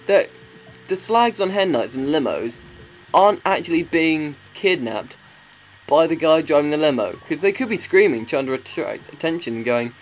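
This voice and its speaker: A man's voice: fairly high pitch, lively intonation, measured pace, a little hiss or hum. A man giving crude, sarcastic commentary while playing a video game. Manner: crude, sweary, sarcastic ranting. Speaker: let's play commentator.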